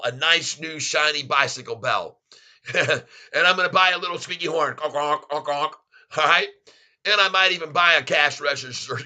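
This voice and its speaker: An excitable man with a Southern drawl hosts a casual live stream, gushing thanks at his viewers. His voice is very bright and forceful, pitched a bit high for a man. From Florida, US. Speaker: livestream host.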